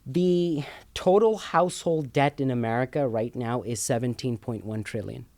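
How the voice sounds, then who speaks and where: A man's voice: medium pitch, moderate pace, a little mellow, no echo. A man co-hosting a casual talk show, explaining finances emphatically, repeating words and checking in with "okay?" a lot.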